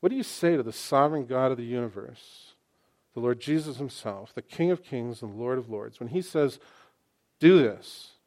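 Man, 60s, pastor mid-sermon; dynamic delivery, repeats lines for emphasis, loud-to-soft swings. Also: medium pitch, fairly quick. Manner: emphatic, swings from loud exclamations to hushed asides.

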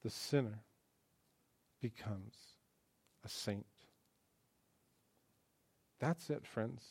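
A man preaching a sermon in church in a conversational, joking way, swinging between quiet asides and emphatic lines. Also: lowish voice, extremely slow, vocal fry, pauses often, husky. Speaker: pastor.

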